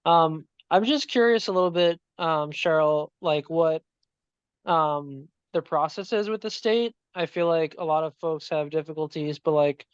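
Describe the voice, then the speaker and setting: A congested man asks a polite, rambling question in a smooth voice. The dull, lo-fi video-call audio is dry with no room sound. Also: fairly high pitch, a little slow, no echo. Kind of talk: online community meeting question.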